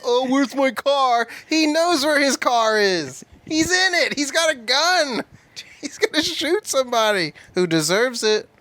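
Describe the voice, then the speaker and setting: Giggly podcast co-host man, lively pitch. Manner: quick, giggly banter. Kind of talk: casual chat.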